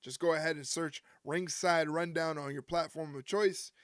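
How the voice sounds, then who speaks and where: A man's voice: on the high side, steady tone, normal speed, clear, resonant tone, no echo, clean studio sound. A man hosting a wrestling watch-along stream, chatting casually and teasing a friend. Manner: joking, teasing a co-viewer. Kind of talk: casual live-stream commentary.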